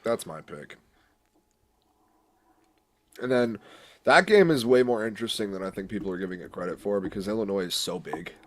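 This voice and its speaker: A man co-host with a lowish voice, blunt and profane, ranting casually. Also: animated, normal speed, long pauses, no echo. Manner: blunt, profane, heated rants. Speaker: sports show co-host. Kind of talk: casual sports chat.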